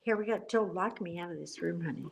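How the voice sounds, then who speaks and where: A middle-aged woman chatting casually on a livestream from a hotel room, animated, joking and gasping as she talks into a tablet. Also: lowish voice, quick pace, vocal fry, noisy background. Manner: chatty and animated, jokes and gasps. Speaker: livestream host. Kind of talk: casual live chat. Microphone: tablet camera.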